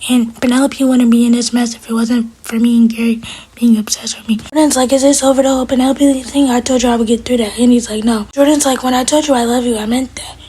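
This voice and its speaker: Quick breathy woman recapping a show. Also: fairly high pitch, fairly even intonation, warm tone. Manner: quick, breathy retelling with quoted dialogue. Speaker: TV episode reviewer. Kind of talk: casual recap.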